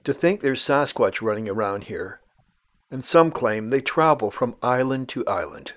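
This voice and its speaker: A man hosting and narrating a documentary-style outdoor show in a measured, dramatic storyteller manner. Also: medium pitch, lively intonation. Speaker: host.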